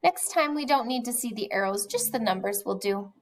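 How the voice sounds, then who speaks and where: A woman's voice: fairly high pitch, animated, fairly quick, close to an everyday voice. A woman voicing a prim female schoolteacher in a storybook reading, speaking in a polite, concerned teacher tone. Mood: correcting.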